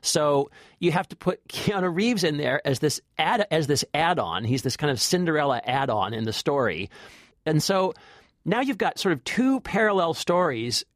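Man, podcast film critic, casual chat, animated, lively pitch, dry close mic. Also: moderate pace, dry recording. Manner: animated, chatty, frequent fillers and restarts. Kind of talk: casual movie review chat.

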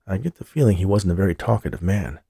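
Man doing a soothing charming medium, gentle, low gravelly voice, dark tone. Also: animated, fast talker, no room sound, studio quality, exaggerated voice. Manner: gentle, reassuring.

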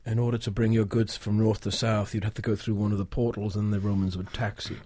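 A man from northeast England speaks in a low, husky voice, recorded close and dry. He explains things in a measured, unhurried way, with flashes of dry humor. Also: level tone, dark tone, no room sound. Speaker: composer guest. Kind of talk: casual interview chat.

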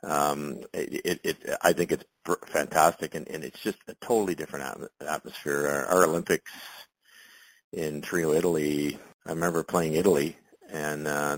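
A man's voice: extremely low pitch, husky, no room sound, poor audio. A middle-aged man, a former curling champion, giving loose, rambling expert commentary in an interview, full of fillers and restarts. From Canada.

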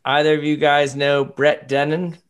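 A man's voice: a little high, level tone, moderate pace, clear, resonant tone. A man co-hosting a podcast in casual music chat, modest and a bit self-deprecating. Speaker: podcast co-host.

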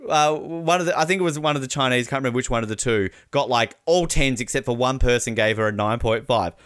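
A man's voice: medium pitch, quick pace, clear, resonant tone, no room sound. Brief: Australian male podcast co-host, casual and rambling, close dry sound. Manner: rambling, animated, laughing. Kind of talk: casual chat recapping sports.

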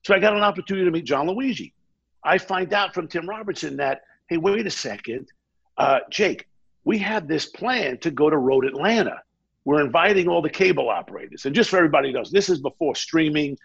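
A man telling a long anecdote in a casual chat, animated and often quoting the people in his story. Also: on the high side, brisk, gravelly, slightly rough, dull audio. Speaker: guest.

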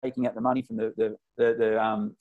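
Excitable young Australian man telling stories. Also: on the low side, quick pace, phone-quality sound. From Melbourne, Australia. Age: 20s. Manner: excitable, slangy, tells stories with lots of retold dialogue. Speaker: podcast guest. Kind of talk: casual interview storytelling.

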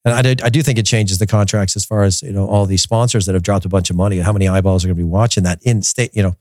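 A man's voice: sits low, steady tone, very fast, a little mellow, no echo, clean studio sound. A man from the United States hosting a soccer podcast, talking casually with opinions and frequent restarts. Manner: rambling, opinionated, repeats words while thinking.

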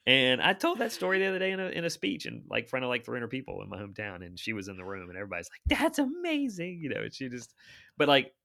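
A man in his fifties, an author guest, telling anecdotes in a chatty, animated way. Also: mid-range voice, rapid-fire, vocal fry. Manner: animated storyteller, chatty asides. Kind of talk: anecdotal storytelling.

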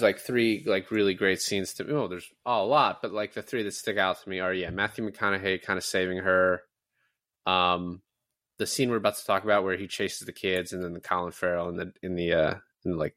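Low-pitched male podcast co-host, chatty and rambling, dry close mic. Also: normal speed, no echo. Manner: rambling, quotes movie lines in lively put-on voices. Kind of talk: casual movie podcast chat.

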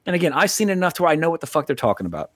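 A man with a somewhat higher voice than most men rambles through a casual film review chat. He swears a lot and keeps cutting himself off. The sound is close and dry, with no room around it. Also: big pitch swings, rapid-fire, fairly bright tone, breathy edge, dry recording. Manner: rambling, profane, self-interrupting. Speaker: podcast co-host reviewing films.

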